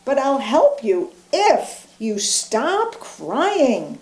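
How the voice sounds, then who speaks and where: A woman's voice: sits high, huge pitch swings, drawn-out words, darkish tone, echoey room, pitched above the performer's own voice, exaggerated voice. A woman reading the lines of a grumpy little male mouse in a storybook, in a huffy, grumbling way.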